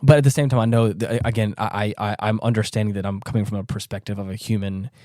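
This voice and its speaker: A young man co-hosting a podcast, talking casually about a film in a rambling, animated way and acting out the characters' lines in high voices. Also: fast talker, no echo, studio quality. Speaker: podcast co-host.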